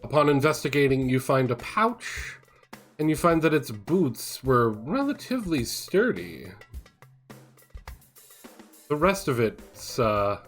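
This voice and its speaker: A man's voice: mid-range voice, very animated, takes it slowly, long pauses. Man running a tabletop game over music. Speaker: game master.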